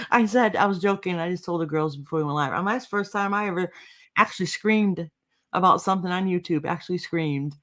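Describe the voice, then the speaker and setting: A woman's voice: lowish voice, brisk. A woman in a casual chat, talking in a blunt, heated way and swearing.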